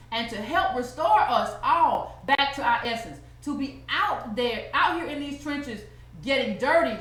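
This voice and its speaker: A woman's voice: high voice, a bit bright, echoey room. A woman hosting her own channel, giving indignant, emphatic commentary and repeating herself for emphasis. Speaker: political commentator, channel host. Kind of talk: impassioned video commentary.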